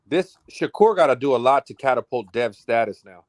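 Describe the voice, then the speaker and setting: A man's voice: medium pitch, expressive, brisk, dry recording. A man co-hosting a casual boxing talk show, slangy and laid-back. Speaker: podcast co-host.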